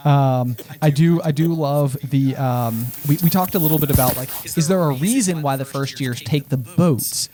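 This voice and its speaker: A man co-hosts a book podcast, chatting casually with lots of fillers and playful quoted voices. His voice is mid-range with a dark tone, and he speaks at a moderate pace with few pauses.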